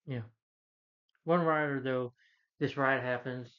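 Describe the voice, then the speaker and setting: A man talks through a film's plot in a loose, rambling way, leaning on fillers as he goes. His voice sits at an ordinary middle pitch. The recording is a little dull and lo-fi. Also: fairly even intonation, takes it slowly. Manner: rambling plot recap, frequent fillers like "he's like". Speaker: movie reviewer. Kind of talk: casual spoken film review.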